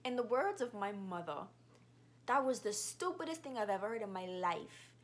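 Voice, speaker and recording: A young Bahamian woman in her twenties talks straight to her viewers in a casual vlog. She tells stories at a fast, lively clip, with her voice sitting at an ordinary middle pitch. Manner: fast-talking, animated storyteller.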